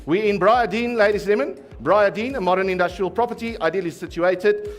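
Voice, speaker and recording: A man with a South African accent working as an auctioneer, calling bids in a rapid chant and teasing bidders in the room. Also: high-pitched, faint music behind. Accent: South African English. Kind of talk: live property auction calling.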